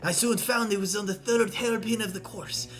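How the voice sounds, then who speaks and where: A woman's voice: medium pitch, steady tone, moderate pace, pitched above the performer's own voice, natural voice. A woman voicing a vain, pompous male photographer witness in an obnoxious, affected put-on accent, faint music behind. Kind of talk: voicing characters in a visual novel stream.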